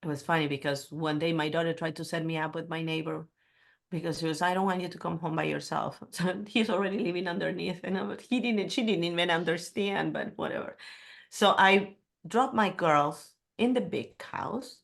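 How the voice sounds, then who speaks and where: Middle-aged woman guest, lowish voice, candid personal storytelling with slight non-native grammar. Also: moderate pace, vocal fry.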